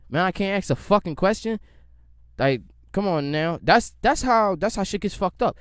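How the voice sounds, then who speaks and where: A young man hosting a solo podcast, delivering a heated, profane, animated rant. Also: fairly high pitch, normal speed, no room sound, studio quality. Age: young adult. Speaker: podcast host. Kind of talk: solo ranting monologue.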